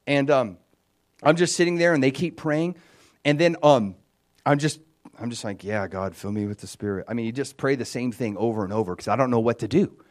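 A man giving a spoken testimony from the pulpit, casual and storytelling in tone. His voice sits in a middle range for a man. He moves between soft, hushed passages and bright, raised bursts of enthusiasm. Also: medium pitch, fairly quick. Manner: storytelling, swings from hushed near-whisper to loud and excited. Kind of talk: testimony sermon.

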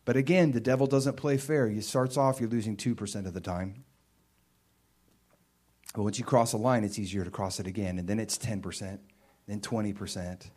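A man's voice: fairly low pitch, normal speed. Man preaching a conversational sermon. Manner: animated, conversational preaching with rising emphatic bursts and quieter stretches. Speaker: pastor.

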